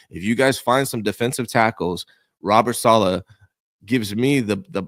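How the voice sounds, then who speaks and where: A man's voice: lowish voice, a bit bright, no echo. Opinionated young man, dry close sound. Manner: emphatic, opinionated, casual slang. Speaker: co-host. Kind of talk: casual sports talk.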